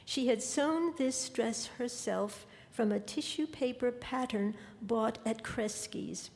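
A woman reading her literary fiction aloud in a measured, deliberate way. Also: a little high, darkish tone. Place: lecture hall. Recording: long hall reverb.

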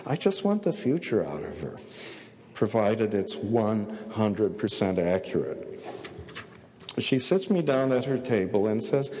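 Man reading slowly, low voice. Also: big pitch swings, mellow, in a large hall. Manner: dry, wry first-person storytelling. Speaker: author. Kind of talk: reading fiction aloud.

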